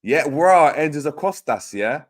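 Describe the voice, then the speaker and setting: A man's voice: fairly high pitch, animated, unhurried. A man hosting a livestream, reading chat comments aloud in slangy, teasing banter. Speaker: host reading live chat.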